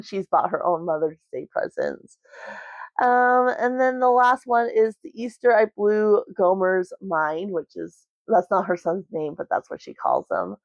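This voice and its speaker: A woman's voice: mid-range voice, a little mellow, no echo. Woman, casual book review chat, rambly filler-heavy talk, dry muffled recording. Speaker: book vlogger. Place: at home.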